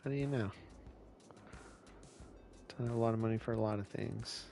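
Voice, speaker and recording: A man's voice: fairly low pitch, fairly even intonation, moderate pace, gravelly, a little mellow, faint music behind. A man from California chatting casually with viewers while he plays a city-building game on a live stream. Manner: laid-back, chatty, answers chat questions.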